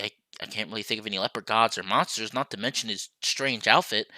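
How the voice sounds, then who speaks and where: A man's voice: on the low side, fast, hardly any pauses, pushed and bright, no room sound. A young man streaming a visual novel, reading it aloud and chatting to viewers in a playful, apologetic way.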